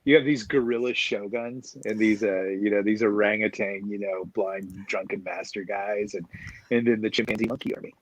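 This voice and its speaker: A man's voice: on the low side, fairly even intonation, normal speed, slight background noise, low-quality recording. A man in a casual roundtable chat, joking and riffing on silly ideas. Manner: jokey, riffs on silly ideas.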